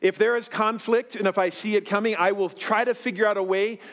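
Preaching to his church's live congregation in the sanctuary, a man of fifty speaks loosely and self-deprecatingly, leaning on many fillers. His high, fairly bright voice is a little fast, with fairly even intonation.

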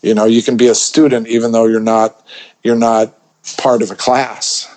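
A man's voice: medium pitch, little pitch movement, moderate pace, a little mellow. A man telling a story as a podcast guest, rambling with lots of restarts and swearing freely. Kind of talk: casual storytelling chat.

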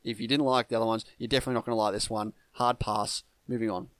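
A man's voice: lowish voice, fairly even intonation, rapid-fire, a little hiss or hum. Blunt, rambling man reviewing films. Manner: rambling, blunt, swears casually. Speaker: podcast co-host. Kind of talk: casual film review chat.

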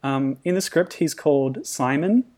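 A man's voice: fairly high pitch, animated, normal speed, a little mellow. Chatty man on a film podcast. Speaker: podcast co-host. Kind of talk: casual chat.

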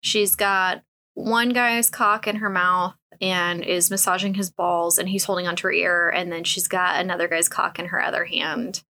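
A woman's voice: lowish voice, flat delivery, normal speed, pushed and bright. A woman hosting a casual comedic commentary, frank and crude, with lots of fillers.

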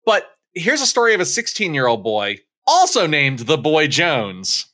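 Bright-voiced man telling a wry story. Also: fairly high pitch, wildly swooping pitch, unhurried. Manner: wry, storytelling, laughs often. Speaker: podcast co-host. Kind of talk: casual chat, storytelling.

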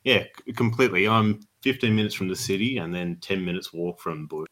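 A man's voice: low-pitched, fairly even intonation, a little fast, a bit bright. A man from Tasmania with an Australian accent, calling in to chat in a friendly, easygoing way. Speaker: caller. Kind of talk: casual call-in chat.

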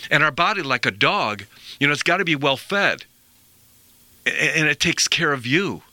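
Bright-voiced male radio host, dry studio sound. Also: fairly high pitch, very animated, normal speed, no echo. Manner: rambling, earnest, repeats himself. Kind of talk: conversational health talk.

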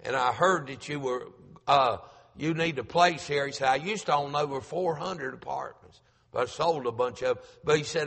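A man's voice: mid-range voice, moderate pace, vocal fry, a bit bright, breathy edge, big-room sound. A middle-aged man, a pastor telling a story in a sermon, acting out the voices he quotes and repeating lines for emphasis. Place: church sanctuary.

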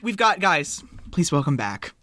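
A woman's voice: deep voice, very animated, measured pace, pushed and bright. A woman co-hosting a podcast in casual chat, playful and laughing often as she rattles off lists. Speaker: podcast co-host.

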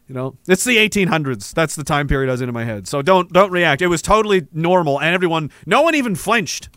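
A man's voice: fairly high pitch, animated, quick pace, hardly any pauses, fairly bright tone, dry recording, clean studio sound. A man hosting a livestream, reading viewer messages in a profane, rambling way and laughing often. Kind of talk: casual livestream chat.

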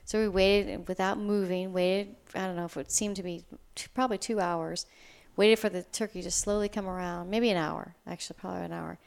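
A woman telling her own story in casual chat, animated and excitable, acting out what she said. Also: on the low side, a little fast, gravelly, few pauses. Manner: animated, excitable, quotes herself.

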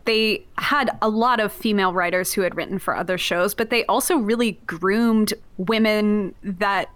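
A woman's voice: medium pitch, fairly even intonation, normal speed, fairly bright tone, dry recording. A woman co-hosting a podcast, speaking in an enthusiastic, playful way during a casual discussion. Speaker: podcast co-host.

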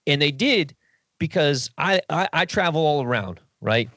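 A man talking casually on a podcast, rambling and profane, jumping into quick impressions of other people. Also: on the high side, expressive, fairly bright tone, dry recording. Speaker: podcast guest.

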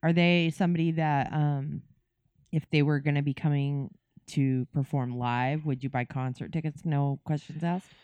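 A man co-hosting a podcast in casual chat, easygoing and quick to laugh as he asks questions. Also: a little high, steady tone, darkish tone, clean tone, dry recording, dull audio. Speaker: podcast co-host.

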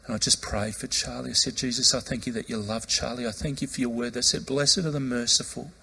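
Male pastor, story-led sermon, average pitch, acts out the people he quotes. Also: quick pace, creaky, slight background noise. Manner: animated, acts out quoted voices, loud outbursts when retelling.

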